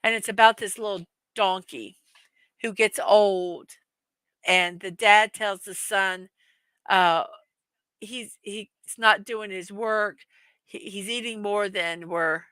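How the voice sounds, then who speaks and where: An older woman hosting a casual livestream, chatting warmly and rambling, greeting viewers by name as they arrive. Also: mid-range voice, takes it slowly, clean tone, dry recording. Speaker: livestream host.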